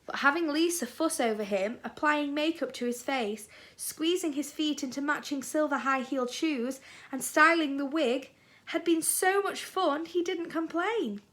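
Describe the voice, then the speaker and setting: A woman teacher reading a children's book aloud, gentle and expressive. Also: sits high, unhurried. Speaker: primary school teacher.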